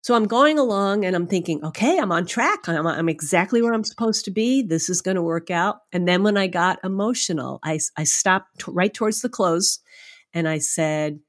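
A woman guest on a podcast interview, telling a story in an animated, emotional way and laughing often. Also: on the low side, normal speed. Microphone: remote podcast microphone.

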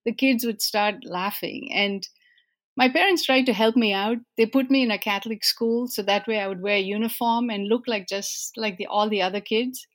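A woman from India, answering interview questions in a warm, self-deprecating storytelling manner with frequent small hesitations. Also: mid-range voice, moderate pace. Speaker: interviewee, organization president.

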